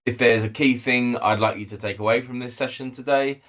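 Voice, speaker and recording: A man, head of communications, presenting a webinar over a video call, measured, with many fillers and restarts. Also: mid-range voice, steady tone, a bit bright.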